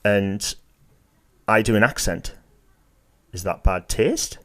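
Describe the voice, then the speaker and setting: Low-voiced man, halting podcast chat. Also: fairly bright tone. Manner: halting, many restarts; game master who likes to do voices. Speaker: podcast co-host. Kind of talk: casual discussion.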